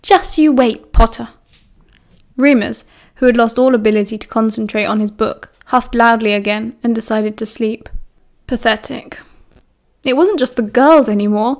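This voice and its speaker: A woman with a British accent narrates an audiobook with a calm, steady flow. Her voice sits a little higher than most women's. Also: fairly quick. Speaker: audiobook reader.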